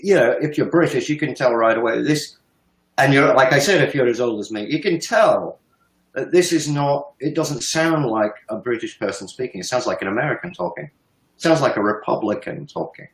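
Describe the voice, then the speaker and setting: A man's voice: medium pitch, lively intonation, moderate pace, roomy sound, rough recording. A man in his fifties giving heated, emphatic political commentary, sometimes swearing and laughing scornfully. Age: 50s. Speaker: guest commentator.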